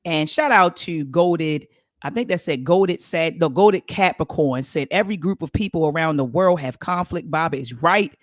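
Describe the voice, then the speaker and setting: A man's voice: fairly high pitch, normal speed, no room sound, studio quality. A man in his forties hosting a live-streamed talk show, speaking emphatically, repeating his points and turning often to his guest. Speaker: talk show host and professor.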